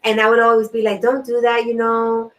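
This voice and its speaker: A woman hosting a talk show, sharing a personal story in an earnest way, repeating key words and often clearing her throat. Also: fairly high pitch, completely flat delivery, fairly quick, a bit bright. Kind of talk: personal testimony in a panel talk. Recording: distant mic.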